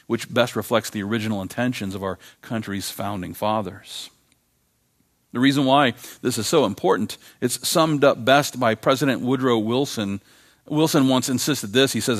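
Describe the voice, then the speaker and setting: A man preaching a sermon as pastor, emphatic, repeating key phrases and slowing down to read quotations aloud. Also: on the low side. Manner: frequent fillers and restarts.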